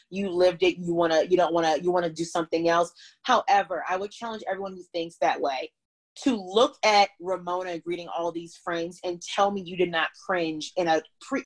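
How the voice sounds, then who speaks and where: A woman hosting a podcast, chatting casually about reality TV in a quick, rambling way that corrects itself mid-sentence. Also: fairly low pitch. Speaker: podcast host.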